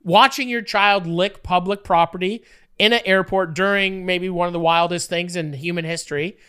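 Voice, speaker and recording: A man in his thirties, congested with a cold, telling rambling stories in casual podcast banter and jumping into sudden high yelps. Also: steady tone, moderate pace, fairly bright tone, clean tone. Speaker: podcast co-host.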